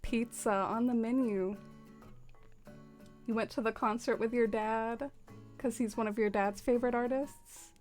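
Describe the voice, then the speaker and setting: A young woman streamer chatting casually with her viewers as she decorates, full of "like" and quick laughs. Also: a little high, fairly even intonation, a little mellow, soft background music. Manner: chatty, many fillers, laughs often. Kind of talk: casual livestream chat with viewers.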